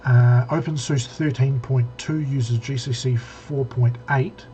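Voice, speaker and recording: A man's voice: medium pitch, fairly even intonation, measured pace, dark tone, a little hiss or hum. A man co-hosting a casual tech podcast, rambling with many restarts and fillers. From New Zealand. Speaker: podcast co-host.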